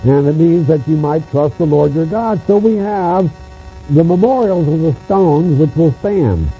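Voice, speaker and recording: A man's voice: a little high, a little slow, mellow, soft background music. A man preaching a sermon on scripture, stressing his points by repeating phrases. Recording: muffled lo-fi recording with mains hum.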